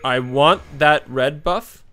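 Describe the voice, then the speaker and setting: A young man hosting casual gameplay commentary, excitable, swearing and laughing often. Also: on the high side, slow, clear, resonant tone, faint music behind. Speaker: gaming channel host.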